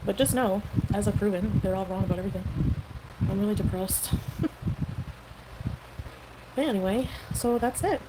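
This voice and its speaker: A woman's voice: mid-range voice, normal speed, pauses often. A woman talking casually on a livestream, rambling and defensive, with lots of fillers. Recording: livestream audio with background noise.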